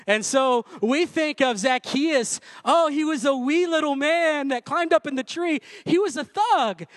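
A man with a high voice preaching conversationally, mixing jokes and asides into his sermon. The sound is dry and close, with no room ring. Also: a bit bright, no room sound. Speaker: pastor. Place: church room.

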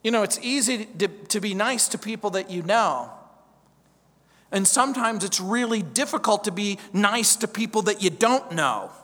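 A man's voice: high-pitched, lively intonation, moderate pace, fairly bright tone, in a large hall. A male pastor preaching a verse-by-verse sermon, emphatic, stacking repeated phrases and rhetorical questions.

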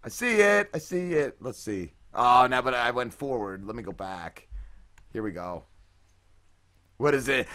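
A man co-hosting a podcast in casual, crude banter, swearing often and getting excited. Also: medium pitch, a little slow, pauses often. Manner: profane, excitable, swears a lot. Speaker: podcast co-host.

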